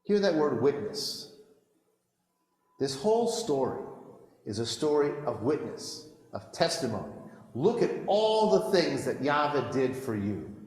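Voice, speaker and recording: A man's voice: medium pitch, very animated, unhurried, a little mellow. Man giving a wry scripture talk in a hall. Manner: wry, sarcastic asides, acts out quotes. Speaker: congregation speaker. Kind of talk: sermon-style scripture talk. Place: congregation hall. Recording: echoey hall reverb.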